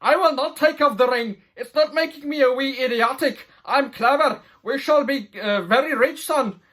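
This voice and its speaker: A man's voice: extremely high pitch, normal speed, a bit bright, voice pushed up. A man voicing a greedy, gloating old male dwarf king, in a comic retelling. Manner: gloating, self-satisfied.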